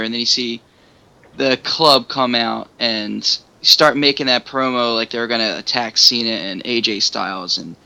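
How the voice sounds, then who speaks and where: A man appearing as a podcast guest, laying out his views in a measured, argumentative way. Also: medium pitch, creaky, bright, forceful tone, low-quality recording. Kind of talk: casual wrestling review chat.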